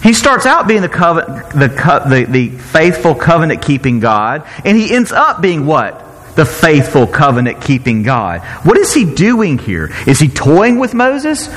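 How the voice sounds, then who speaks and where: A male pastor preaches at an unhurried pace in a lively, swooping voice that sits slightly high for a man. He's animated and playful, tossing in asides and often stopping to restart his sentences, while a long hall reverb makes his voice ring out.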